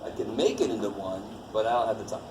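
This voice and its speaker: A man's voice: on the low side, fast talker. Casual, joking man lecturing in an echoey room. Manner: informal, jokey, swears casually, quizzes the class. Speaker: college math instructor. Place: classroom. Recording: echoey classroom with faint noise.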